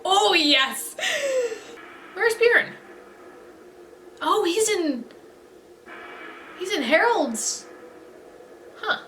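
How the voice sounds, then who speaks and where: A woman's voice: extremely high pitch, very animated, drawn-out words, long pauses, fairly bright tone, slight background noise. A young woman hosting a reaction video, talking casually and exclaiming and pleading at what she watches. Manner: emotional, exclamatory, pleading with the screen.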